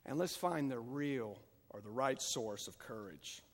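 A man preaching a sermon as pastor, moving between calm teaching and loud, fervent passages. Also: mid-range voice, measured pace. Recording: long hall reverb.

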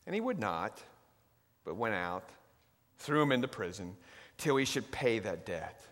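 A man preaching a sermon, retelling a story with dramatic swings between loud, lively passages and hushed ones. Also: on the low side, measured pace. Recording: long reverb of a large hall.

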